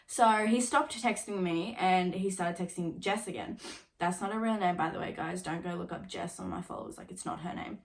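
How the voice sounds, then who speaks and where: A young woman in her late teens telling a story on her own vlog, casual and chatty, filling every pause with "like" and swearing now and then. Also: fairly low pitch, gravelly. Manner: chatty, filler-heavy with constant "like"; swears casually while retelling. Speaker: vlogger.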